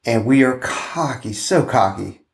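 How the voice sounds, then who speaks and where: A man's voice: mid-range voice, a little slow, creaky, over a noisy crowd. A man in his forties in a casual podcast chat, looking back on his past in a reflective, self-deprecating way. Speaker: podcast co-host. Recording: steady background noise.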